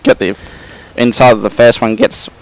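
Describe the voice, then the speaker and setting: A man's voice: medium pitch, fairly even intonation, normal speed, rough recording. A man co-commentating live lawn bowls with brief, matter-of-fact expert remarks. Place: outdoor bowls club green.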